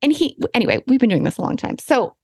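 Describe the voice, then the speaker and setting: A woman hosting a podcast, telling a personal story in a candid, animated, self-deprecating way. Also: fairly high pitch, quick pace, dry recording. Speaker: podcast host.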